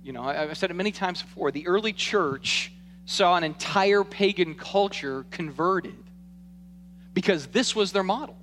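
A male pastor preaching a sermon, conversational with frequent "right?" tags, swinging between emphatic bursts and low asides. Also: moderate pace, slight background noise. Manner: animated, rising to emphatic bursts and dropping to asides.

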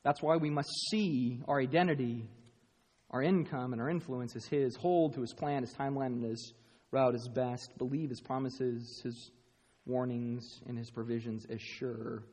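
A man preaching a sermon to a room of people, animated and playful, acting out quick voices and jokey asides. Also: mid-range voice. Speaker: pastor. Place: large room with an audience. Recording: long hall reverb.

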